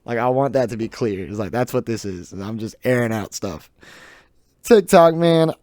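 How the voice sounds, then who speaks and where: A man's voice: medium pitch, expressive, moderate pace, darkish tone, no room sound, clean studio sound. A teenage boy with a Southern US accent, rambling through a solo podcast, laughing often and poking fun at himself. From southern United States. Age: teens. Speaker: podcast host. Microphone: desk mic, close.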